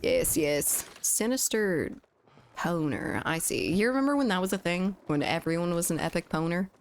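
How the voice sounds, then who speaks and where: Young female streamer, lowish voice, chatty and giggly, close studio mic. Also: expressive, moderate pace. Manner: chatty, giggly, reads chat aloud. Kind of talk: casual gaming livestream chat. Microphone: studio condenser mic.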